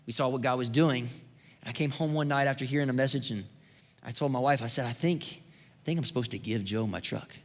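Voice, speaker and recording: A man preaching a sermon as pastor, telling a personal story in an animated way that builds to emphatic preaching. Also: medium pitch. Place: church sanctuary. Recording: long hall reverb.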